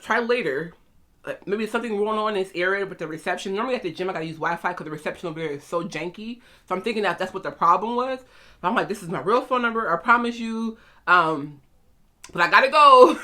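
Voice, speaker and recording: A young woman vlogger in casual chat, telling a story with animated, breathless energy and quoting her own panic. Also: mid-range voice.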